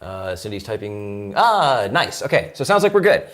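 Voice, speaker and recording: A woman with a strikingly deep voice that still swings up and down a lot. She co-hosts a casual live stream, cracking jokes and worrying aloud that the tech will fail. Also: sing-song, normal speed. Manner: jokey, nervous about the tech. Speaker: livestream co-host.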